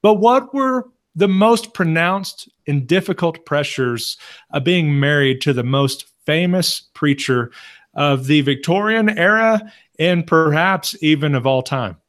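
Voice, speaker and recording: A man's voice: on the high side, lively intonation, unhurried, fairly bright tone. A man, co-hosting a casual podcast as a pastor, joking and self-deprecating.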